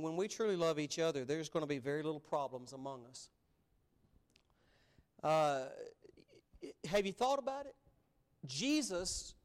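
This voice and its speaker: A man preaching a sermon as pastor, emphatic, swinging between loud stresses and hushed asides. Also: a little high, clear, resonant tone. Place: church sanctuary.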